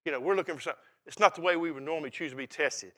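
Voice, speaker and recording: An older man preaching a sermon in a folksy, emphatic way, swinging between quiet reflection and loud, laughing energy. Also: fairly high pitch, very fast.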